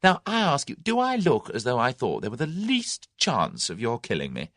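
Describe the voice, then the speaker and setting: A man's voice: mid-range voice, wildly swooping pitch, moderate pace, a bit bright, no room sound, clean studio sound, voice pushed up, exaggerated voice. A man voicing a brash young Englishman who keeps airy and confident under threat. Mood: cocky.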